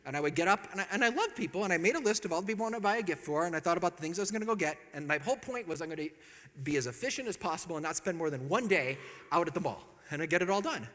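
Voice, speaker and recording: A man giving a humorous storytelling talk to an audience, acting out quoted lines with lively jumps in his voice. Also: rapid-fire. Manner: animated, acts out quotes with big pitch jumps. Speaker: Catholic speaker. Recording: long hall reverb.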